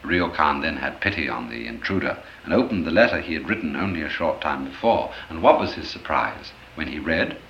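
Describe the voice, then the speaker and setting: A man giving an expressive storytelling lecture, acting out the anecdotes as he goes. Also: very deep voice, fairly quick, few pauses, slight background noise. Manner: expressive, animated, acts out stories. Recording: roomy, dull old lecture recording.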